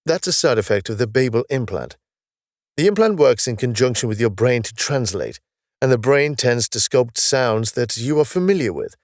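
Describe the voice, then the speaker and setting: A man voicing a calm, knowledgeable male space officer from the far future who patiently explains his world with a wry touch. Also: mid-range voice, normal speed, dry recording, clean studio sound, lightly acted. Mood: explaining.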